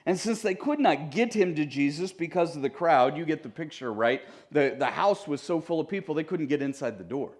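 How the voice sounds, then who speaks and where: A pastor preaching a sermon in a church, talking conversationally with joking asides to the congregation. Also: male voice, a little high, expressive, fairly quick, hardly any pauses. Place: church sanctuary.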